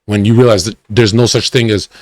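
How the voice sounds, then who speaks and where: A man's voice: on the low side, steady tone, brisk, darkish tone, no echo. A man ranting and mocking as he reacts to a video on a livestream, crude and profane.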